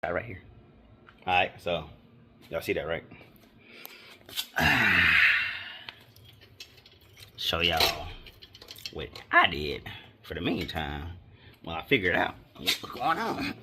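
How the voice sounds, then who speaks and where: A man's voice: sits low, very animated, slow pace, long pauses, noisy background. A man hosting his car DIY channel, talking viewers through a repair step by step in a laid-back, slangy way while working on the car in a garage. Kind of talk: casual how-to vlog.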